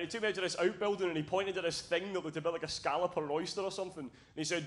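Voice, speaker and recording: A man's voice: high-pitched, steady tone, rapid-fire. A young man from Scotland doing a stand-up comedy set on a club stage, telling a story with lots of swearing and acted-out voices.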